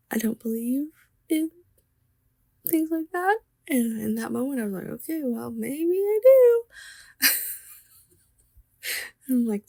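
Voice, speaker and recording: A woman's voice: on the high side, creaky, slightly rough, no room sound. A young woman vlogger telling a story in a casual, chatty way while she sketches, often laughing and sometimes dropping to a whisper. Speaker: artist vlogger.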